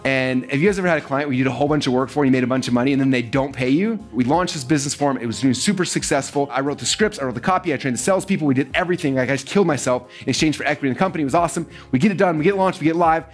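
A man telling a business story to an audience, fast and animated, acting out the quoted lines of other people. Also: soft background music. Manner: fast, animated, acts out quoted dialogue with big pitch jumps. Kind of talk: energetic storytelling talk.

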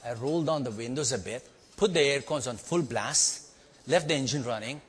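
A man's voice: mid-range voice, moderate pace, husky. A middle-aged man with an Indian accent tells a story to a live audience, playfully asking questions and acting out sounds. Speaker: storytelling speaker on leadership. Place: large hall before a live audience. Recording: long hall reverb.

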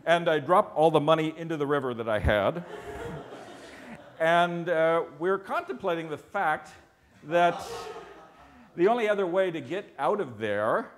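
Man from the US, comic stage storytelling, wry, animated, slightly high voice. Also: a little slow. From United States. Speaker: ecologist telling a story on stage.

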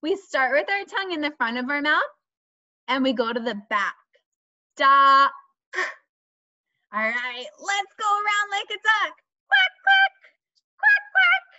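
A woman teaching young children, asking questions in a slow, sing-song way and stressing key words. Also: high-pitched, lively intonation, pushed and bright. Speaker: children's speech and language teacher. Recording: dull lo-fi dry recording.

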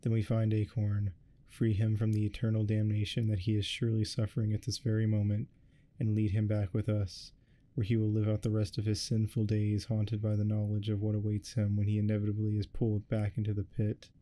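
A man voicing a sarcastic, foul-mouthed teen girl in a soft-spoken ASMR reading. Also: lowish voice, completely flat delivery, brisk, natural voice. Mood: determined. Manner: scornful, profane.

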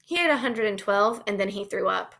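A woman's voice: mid-range voice, lively intonation, brisk, gravelly, fairly bright tone. A woman reading aloud, voicing a glum, matter-of-fact young schoolgirl in a storybook. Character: gloomy gossiping young schoolgirl.

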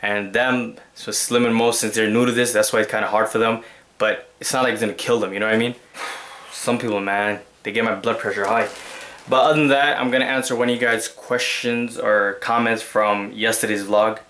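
A young man hosting his own vlog, chatting in an animated, slangy way and acting out quotes. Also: lowish voice, a little fast. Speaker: vlogger host. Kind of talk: casual vlog chat.

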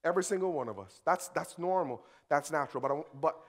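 Animated man preaching a sermon. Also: fairly high pitch, fast. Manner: animated, swings from quiet to shouting. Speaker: pastor. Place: church hall.

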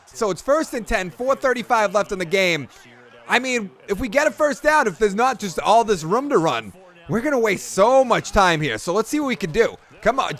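A high-pitched young man narrating his football game run as a let's play. He gets loud and excitable on big plays, then drops into grumbling complaints. His voice sits well above the usual male range. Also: fairly quick. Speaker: gaming YouTuber.

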